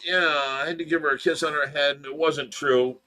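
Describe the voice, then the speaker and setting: Brisk and fairly even in intonation, the older man's slightly high voice comes across pushed and bright. He hosts a fish rescue livestream, chatting casually in a rambling, folksy manner and telling stories with feigned offense.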